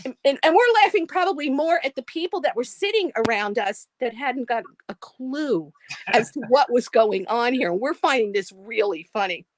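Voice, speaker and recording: A middle-aged woman telling a funny story over a video call, animated and laughing as she talks. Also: high voice, normal speed, dry recording. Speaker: live stream caller.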